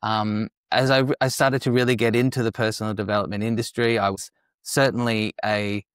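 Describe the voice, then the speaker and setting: A man's voice: lowish voice, level tone, fairly quick, clear, resonant tone, dry recording, clean studio sound. Australian man in his forties, friendly. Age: 40s. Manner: friendly, joking, some restarts. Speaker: guest, psychologist. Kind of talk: casual interview.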